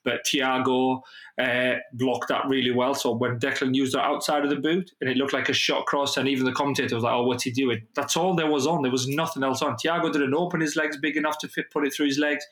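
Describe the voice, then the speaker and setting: A man co-hosting a casual sports podcast, talking in an animated way, swearing freely and restarting his sentences. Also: medium pitch, fast talker, roomy sound. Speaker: podcast co-host.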